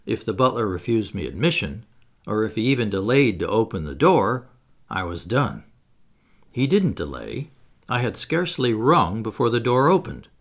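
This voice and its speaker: Male audiobook narrator, low-pitched, lively and dramatic delivery. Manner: expressive, dramatic reading. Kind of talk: audiobook narration of a classic novel.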